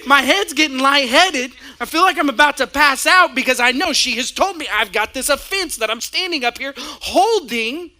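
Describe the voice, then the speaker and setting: A man preaching as a pastor before a congregation, telling stories in an animated way and often laughing. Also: very high voice, normal speed, hardly any pauses. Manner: animated storytelling with frequent laughter. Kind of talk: sermon. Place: church stage before a congregation.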